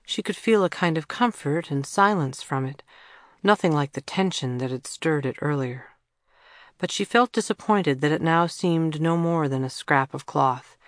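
Woman narrator, low voice, dry close sound, calm storytelling. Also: no echo. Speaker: audiobook narrator. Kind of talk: scripted narration.

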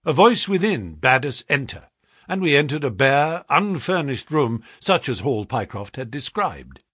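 A man reads a story aloud with an expressive, measured delivery. His voice is husky and ranges widely in pitch. The recording is dry and close. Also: no echo. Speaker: audiobook narrator. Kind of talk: storybook narration.

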